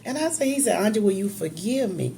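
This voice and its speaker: A woman's voice: mid-range voice, lively intonation, fairly quick, vocal fry, warm tone, slight background noise. A woman telling an emotional personal story in a casual, conversational, emphatic way.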